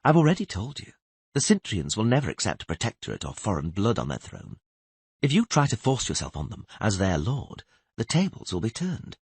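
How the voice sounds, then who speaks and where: A man's voice: fairly low pitch, slightly rough, no room sound, full character voice. A man voicing a sly, teasing older queen in an audiobook, speaking with a mocking edge. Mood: scornful. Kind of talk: audiobook character voice.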